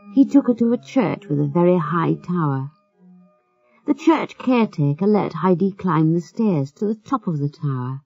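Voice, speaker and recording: Woman storyteller, slow, lively pitch, gravelly, muffled recording, faint music. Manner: measured, expressive. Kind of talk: storybook reading for learners.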